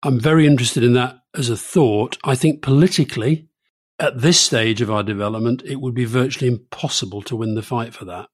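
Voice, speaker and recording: A middle-aged man co-hosting a political podcast, brisk and direct, with some dry teasing. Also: medium pitch, husky. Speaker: podcast co-host.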